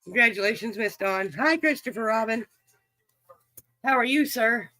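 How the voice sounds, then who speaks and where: A man's voice: very high voice, moderate pace, pushed and bright, no echo. A man hosting a livestream game, chatting in a folksy way and greeting viewers by name. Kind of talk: casual livestream chat, reading viewers' names.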